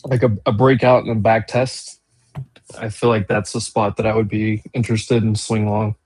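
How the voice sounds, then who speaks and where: A man's voice: on the low side, flat delivery, darkish tone, no echo, poor audio. Man musing over charts, dry sound. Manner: halting, restarts mid-thought. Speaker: trading stream co-host. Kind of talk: casual market chat.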